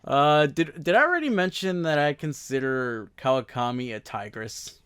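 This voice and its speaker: Man, fairly high voice, casual podcast host, laughs a lot, rambling. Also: animated, normal speed, fairly bright tone, clear, resonant tone. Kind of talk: casual chat.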